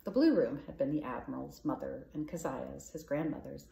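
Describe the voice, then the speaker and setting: A woman storyteller reading a children's novel aloud in a calm, measured way. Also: rumbling low, gravelly. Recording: echoey room.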